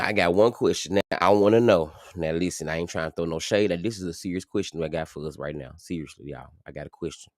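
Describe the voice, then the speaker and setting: A man hosting a livestream, giving animated, preachy commentary straight to his viewers. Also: sits low, no echo, clean studio sound. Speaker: livestream host.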